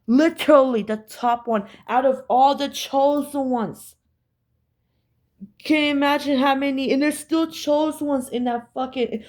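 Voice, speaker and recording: Slow, emphatic, swearing woman storyteller. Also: high voice, darkish tone. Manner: profane, emphatic, repetitive. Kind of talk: casual storytelling vlog.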